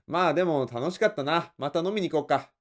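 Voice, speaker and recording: A man playing a gruff middle-aged boss who rapidly scolds his junior employee. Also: fairly high pitch, natural voice. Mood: rough joking. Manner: rapid, barking, nitpicking.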